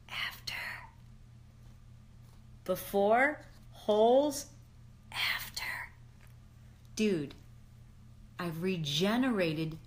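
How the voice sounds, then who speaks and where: A middle-aged woman on a casual live chat, excited and exclamatory, slipping into slangy asides. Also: medium pitch, measured pace, long pauses. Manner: animated and exclamatory, often says "dude". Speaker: fitness and lifestyle expert.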